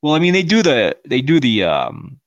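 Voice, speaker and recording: A man's voice: medium pitch, huge pitch swings, moderate pace, creaky, dry recording, highs cut off. A married man co-hosting a podcast, chatting casually with heavy swearing and frequent laughter. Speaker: podcast co-host. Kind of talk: casual profane chat.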